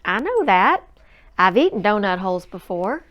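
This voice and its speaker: A woman's voice: mid-range voice, very animated, moderate pace, a bit bright. A woman voicing a friendly young schoolboy in a read-aloud storybook, speaking earnestly and matter-of-factly. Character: boy, young, friendly new classmate.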